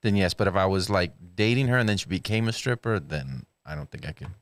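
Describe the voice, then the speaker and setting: A man co-hosting a casual livestream, throwing in deadpan wisecracks. His voice sits low, and the sound is dry and close. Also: fast talker, no echo. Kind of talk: casual chat.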